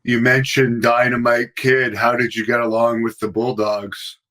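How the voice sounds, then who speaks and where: A man hosting a podcast, asking his guest measured, plainly phrased questions. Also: medium pitch, level tone, bright, forceful tone. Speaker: podcast host. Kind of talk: interview questions.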